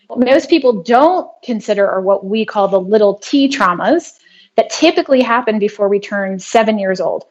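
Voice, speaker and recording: A woman guest in an interview, explaining her work earnestly and telling a personal story in a steady way. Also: medium pitch, moderate pace. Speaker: guest, trauma healing practitioner. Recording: dull lo-fi sound.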